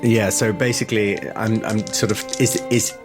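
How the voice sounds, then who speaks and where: A man at a tabletop game with a somewhat low voice, hesitant and full of fillers. Music plays behind him. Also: steady tone, normal speed. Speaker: player. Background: background music.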